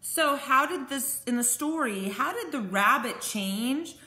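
A woman's voice: high voice, expressive, a little slow, pushed and bright, roomy sound. A woman reading a picture book aloud to children and asking them questions. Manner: patient, asks listeners questions. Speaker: storybook reader.

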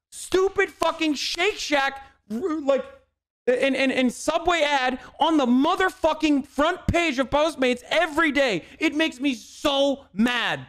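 A man's voice: extremely high pitch, a bit bright. A man streamer ranting angrily about food delivery ads, exasperated and full of swearing. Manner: exasperated, profane, repeats himself. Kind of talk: angry rant on stream.

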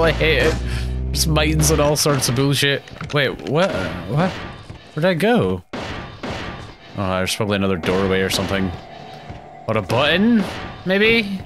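A young man giving rambling, casual commentary while playing a video game, often jumpy and quick to laugh. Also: mid-range voice. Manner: rambling, jumpy, breaks into panicked yelps and laughs. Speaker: let's play gamer.

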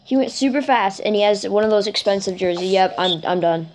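A woman giving chatty let's play commentary for her gaming channel, getting excited and keeping on apologizing for freaking out. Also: fairly quick, slight background noise. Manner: excitable and chatty, jumps to high squeals over goals; self-conscious, keeps apologizing for freaking out.

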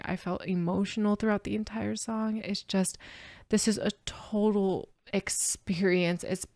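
A woman vlogger reacting to music on camera, overwhelmed and emotional, talking in halting bursts with restarts and soft laughs, teary after crying. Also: lowish voice, creaky, dry recording, studio quality. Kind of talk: casual reaction commentary to camera.

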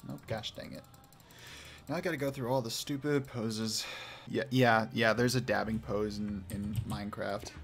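A man's voice: lowish voice, steady tone, moderate pace, slight background noise. A man from Oklahoma chatting casually and rambling while he plays a game on a live stream. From Oklahoma, United States.

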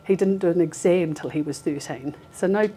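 Speaking to a live audience in a meeting room, a woman in her forties who works as a healthcare recruiter delivers an informal, talkative presentation full of fillers and frequent laughter. She has a fairly low, mellow voice at a normal speed.

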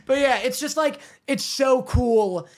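A man's voice: very high-pitched, a little slow. A man co-hosting a podcast in casual chat, easygoing and rambling, with many "like" fillers. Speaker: podcast co-host.

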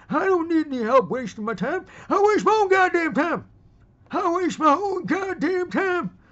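A cranky shouting old geezer. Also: male voice, very high-pitched, pitched above the performer's own voice, exaggerated voice. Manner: slow, drawn-out, shouted scolding. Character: cranky old man berating a young punk. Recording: dull lo-fi audio.

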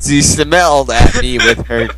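A man's voice: mid-range voice, unhurried, noisy background. Man reading with puzzled questions. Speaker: co-reader. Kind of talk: casual comedic reading and banter.

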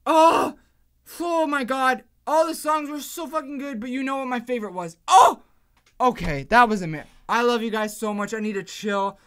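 Young-sounding woman vlogger, high voice, frantic and teary, swears freely. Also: moderate pace, smooth. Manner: excited, shouting, swearing a lot. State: overwhelmed, near tears. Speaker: reaction vlogger. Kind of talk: music reaction video.

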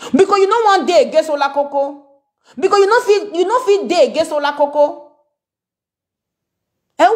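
A woman with a Nigerian Pidgin English accent, ranting and mocking someone in a confrontational commentary video. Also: sits high. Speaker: social media commentator. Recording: echoey room.

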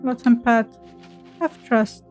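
A woman's voice: a little high, slow, darkish tone, faint music behind. A woman giving casual let's-play commentary, swearing and venting in an exasperated, mock-dramatic way. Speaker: gameplay streamer.

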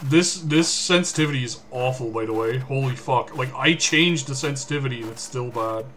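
A man streaming a horror game, cursing and yelling at the game in exasperation. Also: medium pitch, moderate pace, slight background noise. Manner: swearing, exasperated outbursts at the game. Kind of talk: casual gameplay commentary.

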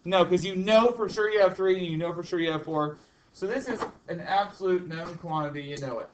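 A man's voice: high-pitched, brisk, muffled recording, a little hiss or hum. A male chemistry teacher lecturing a class, chatty and teasing, repeating the key points. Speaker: high school chemistry teacher.

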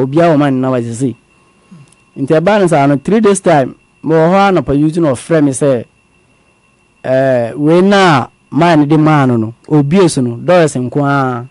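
Male guest, measured testimony, slightly high but warm tone. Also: dry recording. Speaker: guest telling his story. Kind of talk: conversational testimony.

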